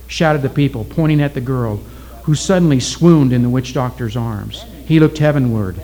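A man narrating a story as an audiobook in a measured, steady way. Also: mid-range voice, low-quality recording.

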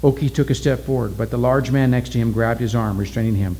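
A man narrating a story aloud in a steady, deliberate reading style. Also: medium pitch, rough recording.

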